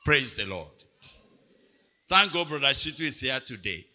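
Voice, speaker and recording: A man preaching a sermon at a retreat, telling a story with big swings between quiet asides and loud, near-shouted peaks. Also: medium pitch, very animated, moderate pace. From Nigeria. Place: large hall at a retreat. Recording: long hall reverb from a church PA.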